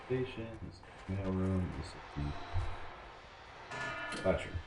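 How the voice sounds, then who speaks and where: Deep-voiced man casually narrating gameplay. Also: animated, a little slow. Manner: laid-back, thinking aloud, cussing when annoyed. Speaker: gaming channel host. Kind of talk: casual game commentary and reading game text. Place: home room at a computer. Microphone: boom mic. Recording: echoey room with game music.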